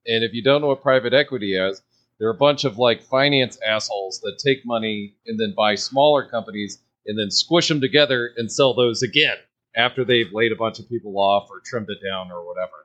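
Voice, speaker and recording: A man's voice: on the low side, a little fast, fairly bright tone, dull audio. A man ranting casually on a podcast, rambling through his story with fillers and restarts. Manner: rambling, restarts with many fillers, laughs at own asides. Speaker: podcast guest.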